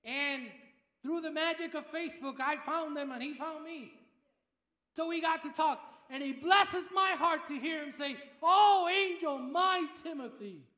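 Animated high-voiced older preacher. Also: male voice, moderate pace, reverberant. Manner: animated storyteller, acts out quoted voices. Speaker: pastor. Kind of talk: sermon.

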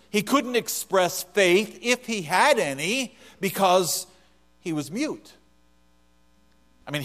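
A man delivering a sermon in a slightly high voice, swinging from loud, emphatic emphasis down to quiet, hushed lines. A faint electrical hum sits under the recording. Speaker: pastor.

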